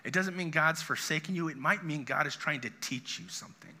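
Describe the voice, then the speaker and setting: A man preaching a sermon, earnest, asking the congregation rhetorical questions and dropping low and soft on quoted words of comfort. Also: animated, brisk. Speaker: pastor.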